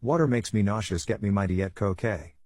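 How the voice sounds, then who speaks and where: A man's voice: on the low side, moderate pace, darkish tone, no echo, lightly acted. A man voicing a spiteful older mother-in-law in a bedtime story, accusing and scornful.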